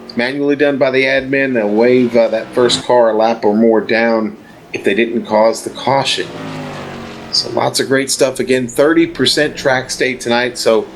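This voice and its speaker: A man doing casual, relaxed commentary for a sim racing broadcast, chatty and full of fillers. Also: mid-range voice, normal speed. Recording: faint background noise.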